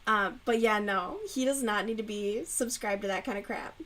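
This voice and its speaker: A young woman hosting a casual live stream while she crochets, rambling and swearing freely, and getting loud and animated when she rants. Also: medium pitch, moderate pace, poor audio. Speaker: livestream host.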